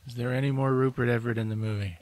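Quiet man chiming in. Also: mid-range voice, steady tone, very fast, no echo. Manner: quiet, dry interjections. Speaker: podcast co-host. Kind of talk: casual chat.

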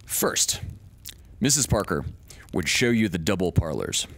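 A man hosting a story show, reading classic short stories aloud in a measured storytelling manner with the odd casual aside. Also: sits low. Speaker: storyteller host.

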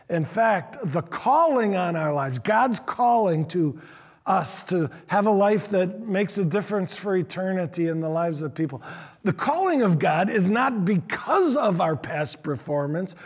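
A man preaching a sermon as pastor, earnest, repeating himself and swinging between loud and hushed lines. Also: high voice, slightly rough, long reverb tail. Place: church sanctuary.

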